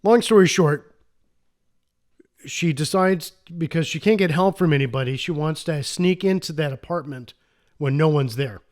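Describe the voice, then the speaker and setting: A man's voice: a little high, normal speed, darkish tone. A man co-hosting a casual movie podcast, enthusiastic and rambling, often restarting his sentences. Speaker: podcast co-host. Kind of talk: casual movie review chat.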